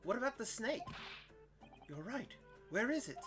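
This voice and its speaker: A man's voice: extremely high pitch, very animated, moderate pace, over music. A man voicing an earnest young lawyer in a plain, polite, questioning voice.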